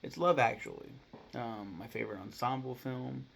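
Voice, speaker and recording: A young man with a gravelly voice chatting casually to camera, rambling, swearing freely and acting out scenes in quick voices. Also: mid-range voice, a bit bright. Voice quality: gravelly fry. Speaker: YouTuber ranking movies. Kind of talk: casual vlog chat to camera. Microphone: camera mic, talking to camera.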